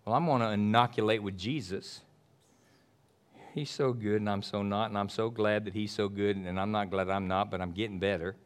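A man from Texas with a Texan accent preaching a sermon as pastor, swinging between loud fervent passages and quiet asides. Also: fairly low pitch, steady tone, normal speed, clean tone.

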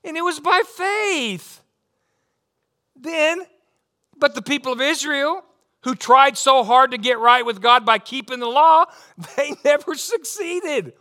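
A middle-aged man preaching a sermon, animated, often restarting and repeating words. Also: very high voice, slow pace. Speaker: pastor.

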